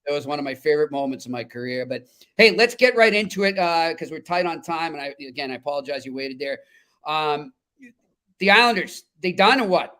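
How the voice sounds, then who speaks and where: A man's voice: on the high side, animated, fairly quick, bright, forceful tone. A man hosting a hockey talk show, chatty and telling stories with easy laughs. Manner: chatty storyteller, laughs easily. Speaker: podcast host. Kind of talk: casual sports talk.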